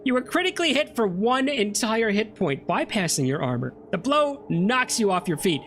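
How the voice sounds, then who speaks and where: Lively chatty gameplay commentator. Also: medium pitch, normal speed, soft background music. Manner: chatty, joking, reads game text aloud. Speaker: let's play host.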